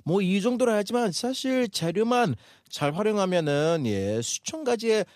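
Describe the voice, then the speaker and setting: A man co-hosting a radio show, talking in a rapid, upbeat, announcer-like manner. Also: sits high, sing-song, darkish tone, no echo, clean studio sound. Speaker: radio co-host. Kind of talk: bilingual radio chat.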